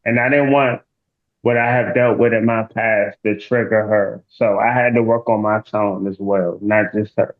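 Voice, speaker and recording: A man guest in an interview, telling a personal story in an animated, playful way and acting out quoted lines. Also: on the low side, moderate pace. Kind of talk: candid conversational interview. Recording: echoey tinny phone-like line.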